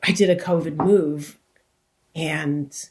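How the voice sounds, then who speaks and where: A woman's voice: deep voice, fairly even intonation, slow, darkish tone. A woman actor and comedian, a podcast guest telling loose, rambling stories with restarts and the odd swear word. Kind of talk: casual podcast chat.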